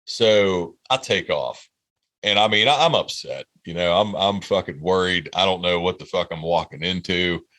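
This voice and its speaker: A man's voice: sits low, normal speed, fairly bright tone. A man in his thirties, a podcast co-host, telling a rambling, heartfelt story in casual chat and swearing freely. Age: 30s.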